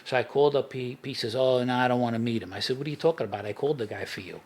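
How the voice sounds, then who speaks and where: A man's voice: mid-range voice, very fast, a little mellow, breathy edge. A middle-aged man, a podcast guest, telling street stories in a casual interview and laughing at his own anecdotes.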